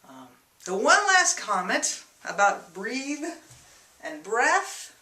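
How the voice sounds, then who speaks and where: Woman English teacher for learners; slow, patient delivery with bright tone, recorded a little off-mic in an echoey room. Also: a little high, very animated, distant mic. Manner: slow, patient, spells and repeats words.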